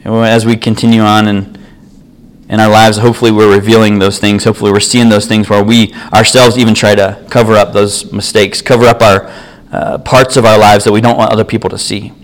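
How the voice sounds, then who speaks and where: A man's voice: on the low side, level tone, fairly quick, poor audio. A man preaching a sermon, telling an everyday story in an earnest, conversational way.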